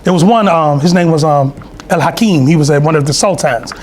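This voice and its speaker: A man preaches in a loose, storytelling way, full of asides and fillers. His voice sits fairly high for a man. A faint hiss runs beneath the temple recording. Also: brisk. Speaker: speaker at a temple meeting. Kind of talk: conversational sermon. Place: temple hall.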